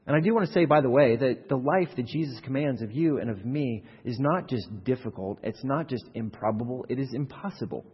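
A man preaching a sermon as pastor, animated and acting out quoted voices, with frequent repeated words. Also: medium pitch, slightly rough. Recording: muffled hall recording from a distance.

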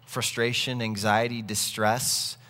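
A man's voice: lowish voice, little pitch movement, slow pace, sharp tone, long reverb tail. A man preaching a sermon, earnest and conversational, telling stories as he goes. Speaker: pastor.

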